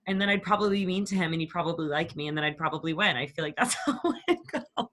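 A woman in her twenties, co-hosting a podcast, telling stories in a casual, profane, animated way. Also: on the low side, rapid-fire, slight background noise. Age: 20s. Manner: profane, animated storytelling with quoted voices. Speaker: podcast co-host. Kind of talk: casual storytelling chat.

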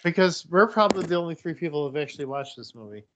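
A podcast co-host making halting, deadpan remarks. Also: mid-range voice, dull audio, noisy background. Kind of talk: casual podcast chat.

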